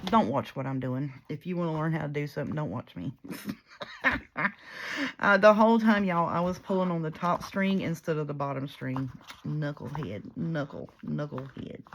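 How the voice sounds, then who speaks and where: A woman's voice: deep voice, a little hiss or hum. A woman chatting casually while crafting, rambling and poking fun at herself. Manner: chatty, rambling, self-mocking storyteller. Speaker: paper crafter and YouTuber.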